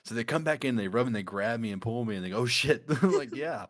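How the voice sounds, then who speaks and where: A man casually telling a story among friends, animated and laughing often as he goes. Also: medium pitch, racing. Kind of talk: casual chat.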